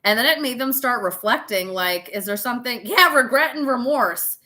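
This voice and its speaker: Bright-voiced tipsy woman reading tarot. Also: on the high side, lively intonation, normal speed. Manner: chatty, swearing, laughing, dramatic asides. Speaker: tarot reader. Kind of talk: casual live tarot reading.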